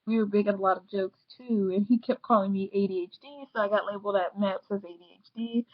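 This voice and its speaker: A woman's voice: medium pitch, fast talker, dull audio. Bubbly rambling young woman vlogger. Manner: bubbly, rambling, acts out quoted people. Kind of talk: casual storytelling vlog.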